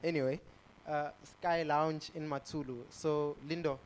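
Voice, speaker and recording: A man's voice: on the high side, fairly even intonation, measured pace, slight background noise. A man hosting a poetry slam, introducing the next poet in a casual, hesitant way and correcting himself as he goes. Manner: rambling, self-correcting, hesitant. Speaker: event MC. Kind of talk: casual stage announcing. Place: live venue with audience.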